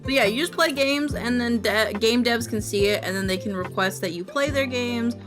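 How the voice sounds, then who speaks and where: A woman's voice: fairly high pitch, normal speed. A woman streaming live, chatting casually and rambling while reading on-screen text aloud. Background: music playing.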